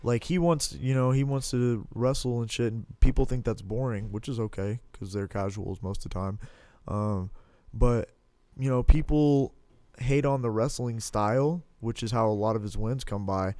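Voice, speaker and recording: A man's voice: mid-range voice, normal speed, mellow, no room sound. A young man chatting casually on a podcast, rambling with lots of restarts and blunt, profane remarks. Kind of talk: casual podcast chat about fighting.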